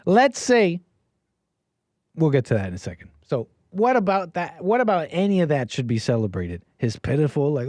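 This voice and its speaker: A man's voice: medium pitch, lively intonation, normal speed, darkish tone, dry recording. A man hosting a call-in livestream, reacting to clips in casual, rambling commentary with many fillers and a sarcastic, dismissive edge. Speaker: livestream host taking calls.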